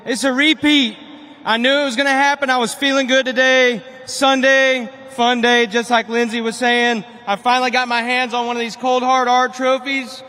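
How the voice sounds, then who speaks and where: A man with a very high, bright voice shouts his thanks to a stadium crowd, his words ringing in the arena's long reverb. His speech is excited and eager. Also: moderate pace. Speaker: monster truck driver. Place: big indoor stadium.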